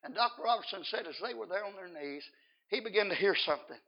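A male preacher telling a story and exhorting his congregation in a high, gravelly voice. He builds to loud, shouting appeals. The recording is dull and lo-fi. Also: expressive, fast talker, a little hiss or hum. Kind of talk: revival sermon.

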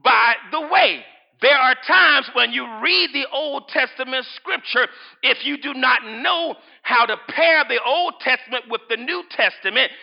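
A male pastor preaching a sermon, repeating lines, shouting at times and reading scripture aloud. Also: very high voice, unhurried, gravelly, highs cut off.

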